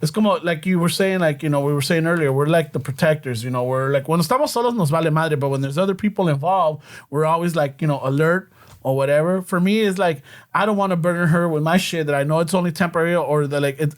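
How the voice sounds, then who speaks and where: High-voiced man mixing Spanish into chat. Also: fast. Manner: profane, mixes Spanish into English. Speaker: podcaster. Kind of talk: casual chat.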